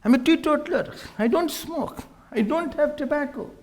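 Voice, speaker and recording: A man's voice: very high voice, normal speed. A man giving a humorous spiritual discourse as a swami, acting out family quarrels and slipping into Hindi. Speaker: swami giving a scripture talk.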